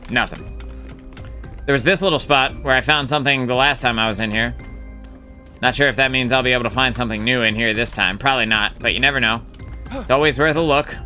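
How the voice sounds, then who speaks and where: A man's voice: medium pitch, brisk, pauses often, pushed and bright, soft background music. A man streaming a game live, rambling casually as he thinks aloud and swears now and then. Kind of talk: casual gameplay commentary.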